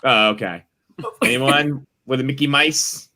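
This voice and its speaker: A man's voice: medium pitch, pushed and bright. A man leading an improv comedy game, upbeat, calling on players and laughing along. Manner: upbeat, quick cues and laughter.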